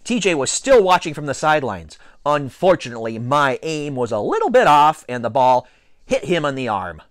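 A man's voice: a little high, moderate pace, dry recording, clean studio sound. Man reading a children's book expressively. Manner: expressive, varied storytelling delivery. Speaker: reader. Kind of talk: reading a children's novel aloud.

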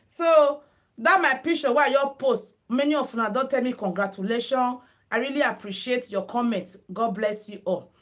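A woman's voice: fairly high pitch, moderate pace. A middle-aged Nigerian woman with a Nigerian accent, hosting a casual beauty livestream on her phone and chatting with her viewers in Pidgin-mixed English. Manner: chatty, addresses viewers as "my people", sing-song calls. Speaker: makeup and headwrap livestream host.

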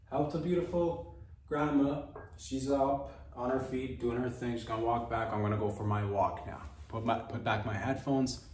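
A man telling a rambling, animated comic story as a podcast host, swearing freely. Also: mid-range voice, normal speed. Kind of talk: comedic storytelling. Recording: echoey room, distant mic.

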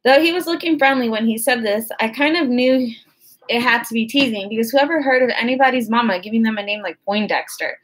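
Woman narrator, first-person audiobook, wry and conversational, slightly high voice. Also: a little fast, fairly bright tone.

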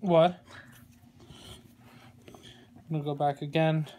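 A man giving a casual how-to tutorial on a glove, relaxed and rambling, with plenty of fillers and small jokes. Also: a little high, takes it slowly, a little hiss or hum. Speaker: glove maker demonstrating lacing. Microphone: phone camera.

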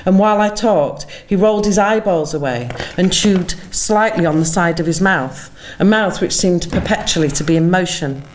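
A woman, an author giving a measured, reflective reading of her own memoir at a conference, with lingering pauses. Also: fairly low pitch. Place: conference venue.

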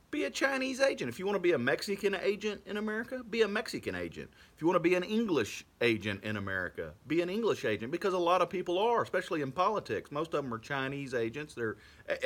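A man's voice: a little high, fairly bright tone. A man from Texas, rambling to camera in a casual monologue and laughing through his words often. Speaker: vlogger.

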